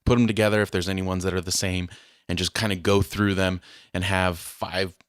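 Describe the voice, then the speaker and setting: A man's voice: low-pitched, flat delivery, a little fast, dry recording, studio quality. A man hosting a faith podcast, chatting casually and announcing with playful mock grandeur. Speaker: podcast host. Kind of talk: casual chat.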